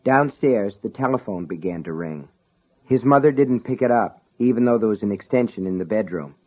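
A man narrating an audiobook in a measured, dramatic way. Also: lowish voice, lively intonation. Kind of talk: scripted narration. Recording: dull lo-fi recording.

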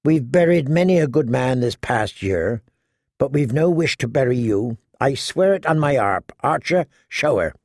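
A man's voice: medium pitch, animated, moderate pace, darkish tone, no room sound, studio quality. A man playing a wry, coaxing outlaw minstrel. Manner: easygoing, coaxing and drawling. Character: wry middle-aged male outlaw minstrel.

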